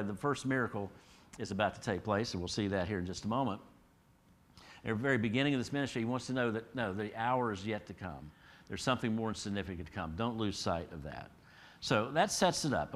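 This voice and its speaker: A middle-aged man preaching an expository sermon as a pastor. He talks to the listeners in a conversational way, asks them rhetorical questions, and swings between emphatic rises and quiet drops. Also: mid-range voice.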